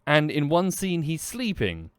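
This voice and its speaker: Streaming a game, a man thinks out loud and quizzes the characters on screen as he provides live commentary. His fairly high voice swoops wildly in pitch at a measured pace, with music playing underneath.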